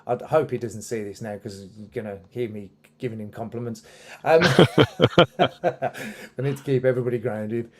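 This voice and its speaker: A man's voice: mid-range voice, normal speed, long pauses, crowd noise. A man hosting a casual interview, talking in a rambling way with many fillers and restarts. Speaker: podcast host and musician.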